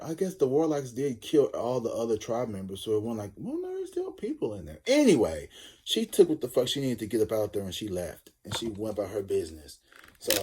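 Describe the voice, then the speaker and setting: A man's voice: lowish voice, darkish tone, husky. A man giving a casual tarot reading, rambling and cursing as he jokes through a story. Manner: rambling, profane, joking storyteller. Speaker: tarot reader.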